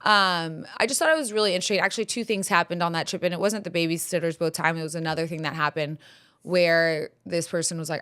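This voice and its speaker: A woman's voice: fairly low pitch, steady tone, fast talker, a bit bright, smooth. A woman in her thirties hosting a podcast, telling a story in a candid, rambling way with lots of fillers and laughs along the way. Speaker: podcast host. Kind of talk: casual storytelling chat.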